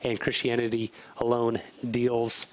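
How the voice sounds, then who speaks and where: A man co-hosting a faith talk show in earnest, fast bursts, repeating his points. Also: medium pitch, completely flat delivery, low-quality recording. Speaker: co-host. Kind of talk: casual talk show chat, preachy.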